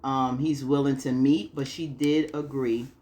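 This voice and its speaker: A woman's voice: rumbling low, flat delivery, measured pace, dark tone. A woman chatting casually through a TV episode recap, acting out the characters' lines with frequent laughs. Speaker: TV recap vlogger.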